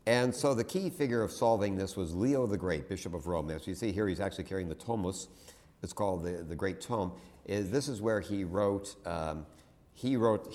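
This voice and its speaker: Male lecturer, low voice, loose and conversational, prone to tangents and restarts. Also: a little mellow. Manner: conversational, digressive, with many restarts and asides. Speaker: teacher. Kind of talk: classroom lecture.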